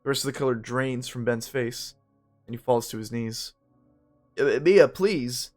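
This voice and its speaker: A casual narrator reading a story game aloud in the first person. Their delivery is even and matter-of-fact, and they drop relaxed asides between passages. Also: medium pitch, moderate pace, soft background music.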